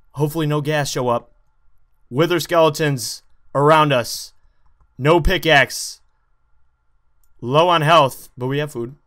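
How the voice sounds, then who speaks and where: A man hosting a let's play, talking straight to his viewers in a jumpy, excitable way as he plays. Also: on the high side, measured pace, long pauses. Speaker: gaming channel host.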